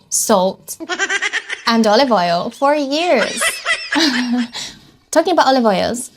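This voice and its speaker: A young woman from Brazil with a mixed Brazilian and British accent, telling her story in an animated, dramatic and playful vlog, with faint music behind. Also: fairly high pitch. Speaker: vlogger.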